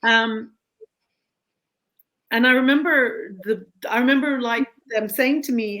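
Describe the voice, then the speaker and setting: A middle-aged woman being interviewed tells a personal story candidly and with animation, acting out the voices of the people she quotes. Her pitch is fairly high, she takes it slowly with long pauses, and the recording is low quality.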